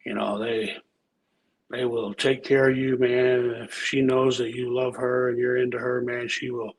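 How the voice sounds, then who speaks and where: A man's voice: mid-range voice, fairly bright tone, low-quality recording. A man telling profane, rambling stories in a casual chat, a former pro wrestler and regular on the show. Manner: profane, rambling, laid-back storytelling.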